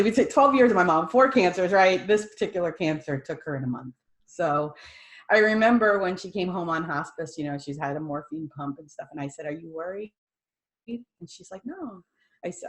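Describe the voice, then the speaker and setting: A middle-aged American woman sharing a heartfelt story on a podcast, with a voice that sits a little low for a woman. She talks earnestly, dropping soft for quiet moments and rising into laughing excitement. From United States. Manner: earnest, swings between hushed and laughing excitement. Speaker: podcast guest sharing a testimony. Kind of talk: emotional personal storytelling.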